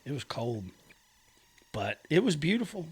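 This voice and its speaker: A man's voice: on the high side, very animated, unhurried, breathy edge. A man hosting a podcast, telling stories in a laid-back, chatty way with frequent laughs. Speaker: podcast host. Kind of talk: casual chat.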